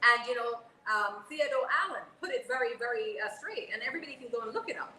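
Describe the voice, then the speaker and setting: A woman in her forties co-hosting a casual panel chat, an animated storyteller who keeps checking in with "okay?". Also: a little high, fast, reverberant, poor audio. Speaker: co-host.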